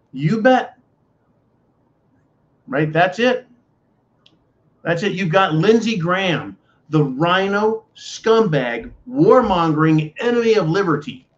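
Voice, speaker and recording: A man from the United States hosting a political commentary show, ranting in an indignant, sarcastic way and keeping up a steady address to his listeners as folks. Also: on the high side. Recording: dull lo-fi audio.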